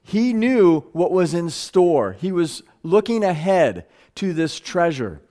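A man's voice: high voice, big pitch swings, takes it slowly, mellow. A man preaching a live sermon to a gathering, earnest, often stumbling over words and restarting phrases, his voice rising and speeding up when he stresses a point.

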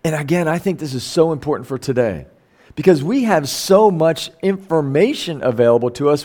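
Middle-aged man, sermon, slightly high voice, chatty rhetorical questions, reads then explains. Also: expressive, moderate pace, warm tone. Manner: conversational, asks rhetorical questions, self-corrects while reading. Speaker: pastor. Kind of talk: sermon reading and explaining scripture.

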